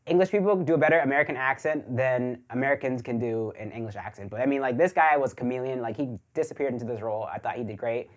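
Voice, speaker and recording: A man talking casually in a video movie review, chatty and joking, with plenty of fillers, just back from being sick. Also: medium pitch. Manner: chatty, jokey, lots of fillers like "like". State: recovering from illness.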